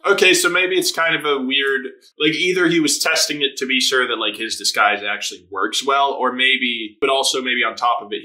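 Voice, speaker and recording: An excitable male reactor chats casually through an anime episode with frequent laughter. His voice sits in the mid range, his language is full of swearing, and he quickly imitates the characters.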